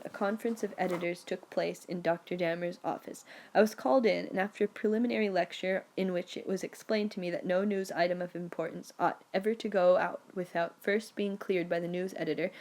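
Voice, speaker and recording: Low-voiced woman narrating an audiobook. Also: darkish tone. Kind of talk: scripted first-person narration.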